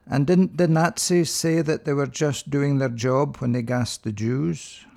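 A middle-aged man, a minister hosting a religious radio programme, speaking in a measured, earnest, rhetorical way. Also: medium pitch, steady tone, creaky, mellow, faint music behind.

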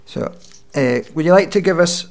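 A man's voice: a little high, moderate pace. A man hosting a radio interview, prompting his guest with brief friendly questions. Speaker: radio host.

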